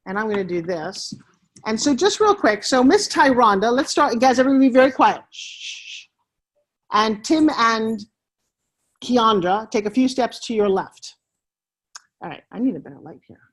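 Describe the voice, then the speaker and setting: In a live workshop, a presence coach with a New York accent and a slightly high voice moves at a moderate pace, guiding students through exercises. Her manner is animated and coaxing, and she is recorded far from the mic in an echoey classroom.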